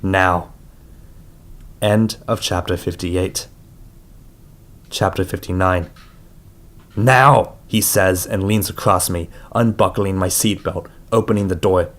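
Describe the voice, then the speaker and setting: A man reading a first-person audiobook in a measured, somber way. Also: low voice, fairly even intonation. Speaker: audiobook reader.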